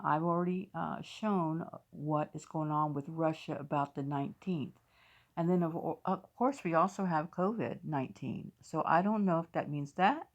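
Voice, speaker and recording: Low-voiced woman chatting to her viewers. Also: highs cut off. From United States. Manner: chatty, talks straight to viewers. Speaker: host of a faith video channel. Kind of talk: casual chat reading out viewers' dreams.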